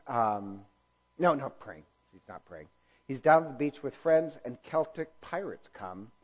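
A man's voice: medium pitch, poor audio. A man giving a casual lecture with slides, rambling, with many ums and self-corrections. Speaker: speaker teaching church history.

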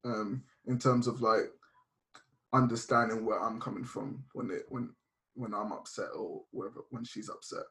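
A man's voice: lowish voice, fairly even intonation, moderate pace, a bit bright. Reflective young man, open and rambling. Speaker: podcast guest. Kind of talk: casual podcast chat.

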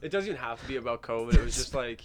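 A man's voice: medium pitch, animated, rapid-fire, a loud crowd. A man, a comedian, talking in casual chat, rambling and self-deprecating.

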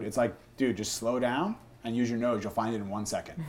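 A young adult man working as a dog trainer, talking casually and swearing freely while demonstrating, and dropping to a soft murmur when calming the dog. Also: mid-range voice, brisk.

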